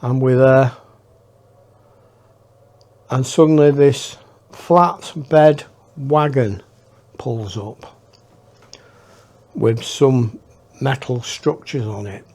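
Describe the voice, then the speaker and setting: A man telling a personal adventure story in a casual, unhurried way, with pauses and hushed asides. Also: mid-range voice. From England. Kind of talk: casual spoken anecdote.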